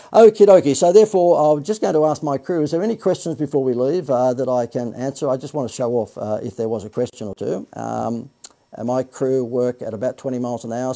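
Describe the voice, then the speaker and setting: A man giving a live sales pitch for a marketing course, rambling and correcting himself with joking asides. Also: creaky, mellow.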